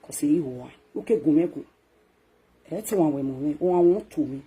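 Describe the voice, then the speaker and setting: Very husky Nigerian woman ranting. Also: deep voice, animated, normal speed. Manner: scolding, swinging between loud outbursts and hushed muttering. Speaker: social media talk show host. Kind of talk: ranting monologue.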